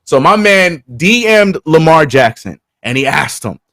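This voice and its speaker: A man co-hosting a casual sports talk show, laid-back and quick to laugh, often trailing off and restarting. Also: a little high, big pitch swings, pushed and bright, no echo, clean studio sound.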